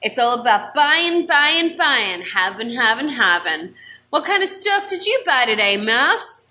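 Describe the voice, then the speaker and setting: A woman's voice: on the high side, big pitch swings, unhurried, sharp tone, a little hiss or hum, heavily acted. A woman voicing a brash, whiny, boastful capitalist sausage in a comedy podcast story skit.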